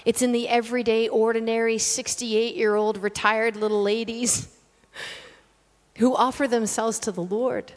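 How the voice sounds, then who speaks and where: A woman preaching a sermon as an animated storyteller, laughing often at her own asides. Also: a little high, normal speed. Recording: long hall reverb.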